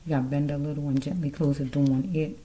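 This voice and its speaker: Low, flat-voiced woman reading tarot cards. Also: fast, slight background noise, rough recording. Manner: rambling, musing aloud, addresses the listener directly. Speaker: tarot card reader. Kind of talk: casual spiritual card reading.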